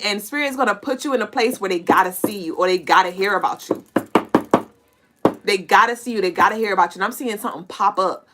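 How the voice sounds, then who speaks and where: A spiritual reader and podcast host with a sharp-toned, mid-range voice runs a casual collective intuitive reading. She's blunt and animated, full of cursing and laughter, and she addresses her audience directly as "y'all" and "collective."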